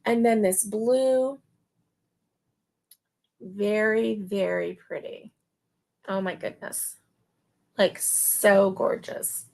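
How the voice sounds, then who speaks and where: Slow gushing woman with a gravelly voice. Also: medium pitch, fairly even intonation, a little mellow. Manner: gushing, slow and chatty, laughs often. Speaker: host. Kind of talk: casual chat showing yarn.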